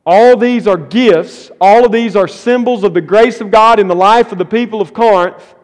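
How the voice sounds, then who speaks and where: High-voiced preacher in a reverberant church. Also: male voice, normal speed. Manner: reads scripture then preaches with rising emphasis. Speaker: pastor. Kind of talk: sermon. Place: church sanctuary. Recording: long church hall reverb.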